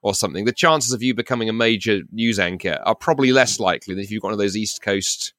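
Fast-talking low-voiced English man. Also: a bit bright, no echo, studio quality. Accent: Received Pronunciation English. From South London, England. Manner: rapid, chatty, many restarts and "you know"s, playful. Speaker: podcast co-host. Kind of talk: casual chat.

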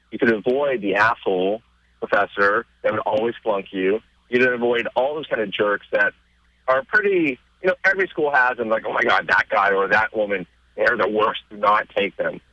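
A man being interviewed on radio, telling stories casually and getting excited, his voice jumping up in pitch as he retells scenes. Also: no room sound, muffled recording. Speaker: interview guest.

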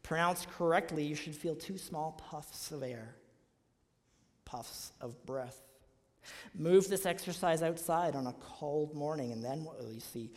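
A pastor with a slightly high voice preaches unhurriedly to his congregation, firing emphatic rhetorical questions at them. The recording carries a long hall reverb.

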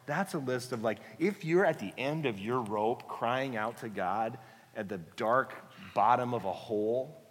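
A man preaching a sermon in a conversational, earnest way, dropping soft and slow for reassuring lines. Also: mid-range voice. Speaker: guest preacher, book author. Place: church sanctuary. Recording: long church hall reverb.

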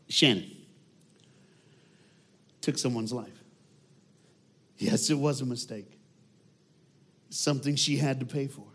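A man telling a story from the stage, animated and talking straight to his audience. His voice sits a little on the high side. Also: slightly rough. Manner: animated, talks straight to the crowd.

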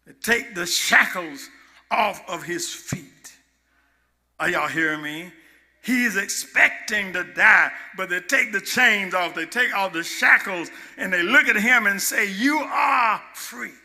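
A male preacher, retelling a story to his congregation, swinging from shouted lines to hushed asides. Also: high-pitched, measured pace. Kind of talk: sermon.

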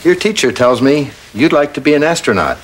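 A man's voice: fairly high pitch, expressive, brisk, slight background noise, close to an everyday voice. An older man guest-starring in a 1980s sitcom, friendly and dry with his jokes.

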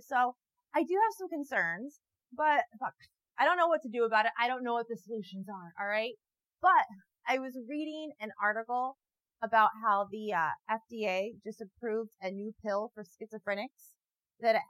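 A young adult woman delivering a rambling, profane comic monologue, sarcastic, with bursts into loud mocking voices. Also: fairly high pitch, dry recording, low-quality recording. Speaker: comedian. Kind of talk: stand-up style comic monologue. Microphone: new wireless mic, walking around.

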